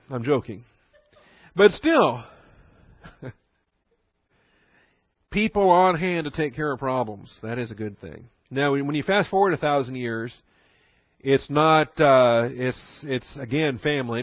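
A male pastor gives a Bible study sermon in a relaxed, conversational way, often slipping in jokes and little chuckles. His voice is mid-range, and the audio is dull with no room sound.

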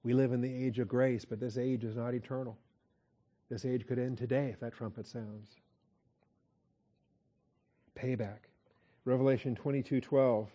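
A man preaching a verse-by-verse Bible teaching, conversational, often checking in with his listeners and slowing down to repeat key points. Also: mid-range voice, steady tone, warm tone. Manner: conversational, with frequent "okay?" check-ins and slow emphatic repeats. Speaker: pastor.

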